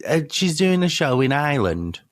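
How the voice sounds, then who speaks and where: Mancunian male co-host, lively pitch, dry close mic, chatty and teasing. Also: normal speed, dry recording. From Manchester, England. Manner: playful, mock-offended, chatty. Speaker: podcast co-host. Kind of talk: casual comedy podcast chat.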